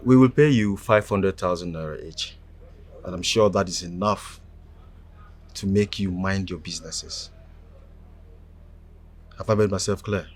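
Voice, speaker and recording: A man's voice: sits low, unhurried, long pauses, a little hiss or hum. An actor with a Nigerian accent playing a firm, secretive boss who threatens the men he hires. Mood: threatening. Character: menacing secretive boss hiring two men. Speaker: employer. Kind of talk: film acting.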